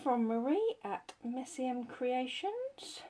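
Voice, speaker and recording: A woman's voice: high voice, very animated, takes it slowly, dark tone. A woman demonstrating papercraft in a live-streamed tutorial, chatting and thinking aloud as she works and greeting viewers by name.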